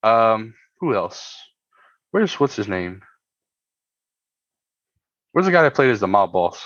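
A man's voice: fairly low pitch, very animated, slow, a bit bright, no room sound, highs cut off. A man co-hosting a podcast, chatting casually and rambling with lots of fillers and restarts. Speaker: podcast co-host.

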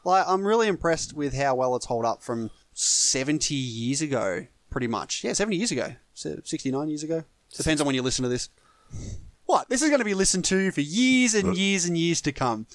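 Australian man, podcast co-host, lively swinging pitch, dry close sound, casual movie chat. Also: brisk, dry recording. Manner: animated, joking, chatty. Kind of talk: casual film review chat.

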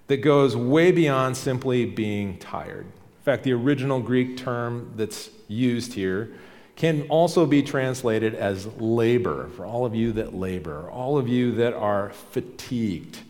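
A man's voice: lowish voice, darkish tone, big-room sound. A man preaching a sermon as pastor, conversational and emphatic, repeating key phrases.

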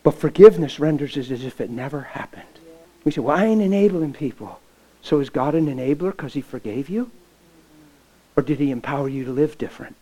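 A pastor preaching a sermon with stories, impassioned and folksy, swinging from loud to hushed. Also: male voice, medium pitch, a little fast, low-quality recording. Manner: folksy, plain-spoken. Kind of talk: sermon with storytelling.

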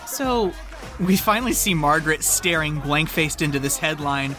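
A man's voice: a little high, lively intonation, normal speed, pushed and bright, faint music behind. A man co-hosting a podcast, recapping a movie in casual chat and animatedly acting out the characters' lines. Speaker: podcast co-host.

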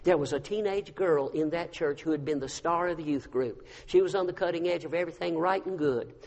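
A man preaches a storytelling sermon. He drops to a hush, then rises to a loud cry. His voice rings with the long reverb of a big church hall. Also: on the high side, brisk, muffled recording. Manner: storytelling, swinging from hushed to loud. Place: church sanctuary.

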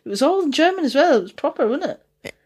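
A woman's voice: high voice, sing-song, fast, darkish tone. A woman with a Dundee Scottish accent, tinged with Geordie, co-hosting a casual chat podcast and laughing often. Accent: Dundee Scottish with Geordie mix. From Scotland. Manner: laughs often, chatty and swearing. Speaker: podcast co-host.

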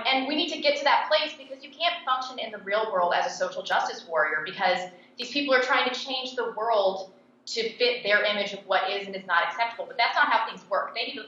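A woman who is a political commentator and podcast host, answering interview questions in a blunt, sarcastic and animated way. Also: medium pitch, a little hiss or hum. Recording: echoey, dull-toned room recording.

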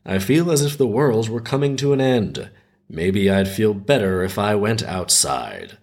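Man doing a frightened guilty stepmother, low and shaky, animated. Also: measured pace. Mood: fearful. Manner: fearful, trembling.

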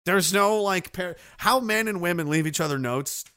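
Here the streamer's voice sits high and sounds pushed and bright, moving at a normal speed. He keeps up his sarcastic, swear-filled rant, reading viewer comments aloud as he goes.

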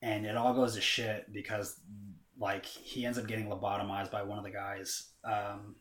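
A man's voice: fairly low pitch, flat delivery, normal speed, fairly bright tone. A man talking in a casual chat, rambling with lots of filler words and casual swearing. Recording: roomy echo.

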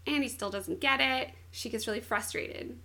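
High-voiced, giggly young woman. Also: normal speed, gravelly. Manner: giggly, animated storyteller. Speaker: podcast co-host. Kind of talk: casual chat, retelling a manga.

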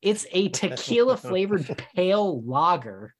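A man's voice: sits high, big pitch swings, measured pace. A man co-hosting a podcast, ranting in casual chat with plenty of swearing. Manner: indignant, profane ranting. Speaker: podcast co-host.

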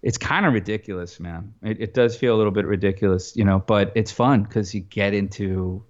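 Composer guest, male, low-pitched, chatty and rambling, slightly dull recording. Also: brisk. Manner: rambling, animated, many restarts and fillers. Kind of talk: casual interview talk.

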